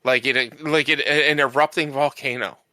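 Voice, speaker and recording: A man co-hosting a casual podcast, recapping a show in a rambling way full of fillers and restarts. His voice is bright and crisp, recorded close and dry. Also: medium pitch, fairly even intonation, normal speed, no room sound. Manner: rambling recap with many fillers and restarts, acting out quoted lines. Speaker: podcast co-host. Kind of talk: casual chat.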